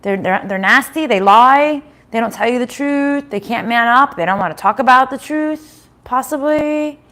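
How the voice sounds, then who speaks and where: A woman's voice: sits high, normal speed, bright, forceful tone. Middle-aged lady chatting thru a live tarot reading at home, talky and loose, swears a bit. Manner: chatty, swears, laughs, often reads live chat. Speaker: tarot reader doing a live stream. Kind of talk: casual live-stream chat and reading.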